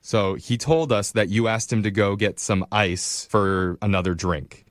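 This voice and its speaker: A man's voice: fairly low pitch, unhurried, no room sound, studio quality. A male radio host running a call segment in a teasing, blunt way. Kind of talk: joking radio prank call.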